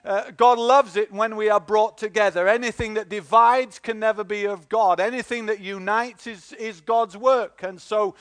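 A man's voice: sits high, steady tone, moderate pace, hardly any pauses, fairly bright tone. A man with a Northern English accent preaching a Pentecostal-style sermon, exhorting the congregation with frequent fillers and call-and-response prompts. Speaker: pastor.

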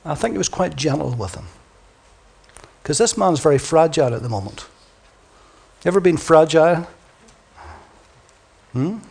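A male preacher with a voice pitched a little above the usual, delivering a sermon. He reads scripture with drama, rising to booming proclamations and sinking to delicate, near-whispered phrases. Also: lively intonation, moderate pace, vocal fry, long pauses, breathy edge. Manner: swings from booming declarations to hushed near-whispers.

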